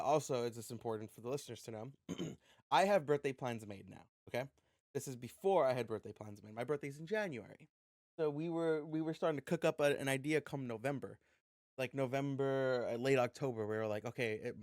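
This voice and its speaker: A man's voice: medium pitch, moderate pace, darkish tone, no room sound, studio quality. A man telling a rambling, profane story in a casual podcast chat. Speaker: podcast guest.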